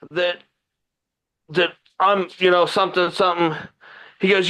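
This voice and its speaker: A man telling a long story as a podcast guest, animated, loudly acting out what others said. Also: high voice, normal speed, long pauses, low-quality recording. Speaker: guest wrestler.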